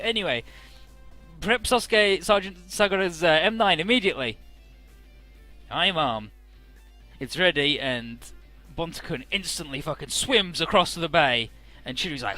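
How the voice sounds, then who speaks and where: A man's voice: fairly high pitch, unhurried, sharp tone, soft background music. A man giving casual, profane commentary on a game, paraphrasing the characters in goofy voices. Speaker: let's play commentator.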